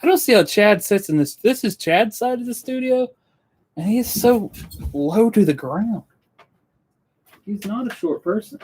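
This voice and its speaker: A man's voice: high voice, lively intonation, a little slow, pauses often, darkish tone, slight background noise. Rambling man chatting on a live stream. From Western North Carolina. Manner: rambling, earnest, self-interrupting. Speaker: woodworking YouTuber on a live stream. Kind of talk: casual live-stream chat. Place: indoor studio workspace.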